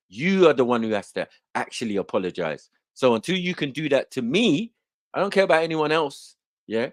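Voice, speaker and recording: A man's voice: medium pitch, no room sound, studio quality. A man hosting an online panel, ranting in a boastful, confrontational way and swearing a lot. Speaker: host of an online panel show. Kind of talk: heated casual rant.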